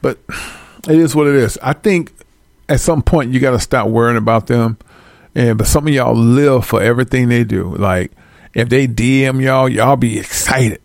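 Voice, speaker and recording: Male vlogger, gravelly voice, dry close sound, animated profane comedic rant. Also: medium pitch, moderate pace, no echo. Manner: animated, profane, laughing between lines.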